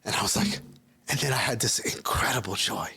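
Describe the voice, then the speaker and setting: Guy telling his own story on an interview, gravelly and husky, keeps jumping into other people's voices, dry close sound. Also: medium pitch, brisk, bright, forceful tone, no room sound. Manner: rambling storytelling, acting out quoted voices. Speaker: interview guest. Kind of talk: casual personal testimony.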